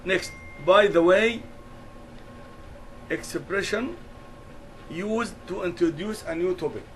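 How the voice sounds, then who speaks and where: Male English teacher, very slow, deliberate, repeats key words for the class. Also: high voice, fairly bright tone, a little hiss or hum, low-quality recording. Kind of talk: classroom lesson explanation.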